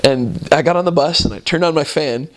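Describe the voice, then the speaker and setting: A man from the United States casually telling a story about living abroad, halting often and laughing at the absurd parts. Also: on the high side.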